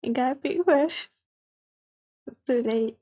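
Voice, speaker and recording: A woman's voice: sits high, a little slow, no echo, lo-fi sound. A woman livestreaming a mobile game, chatting casually with viewers, reading chat aloud and giggling often.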